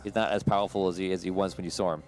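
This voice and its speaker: A man's voice: low-pitched, steady tone, racing, soft background music. A man narrating as game master of a tabletop game, talking loosely with many restarts and fillers.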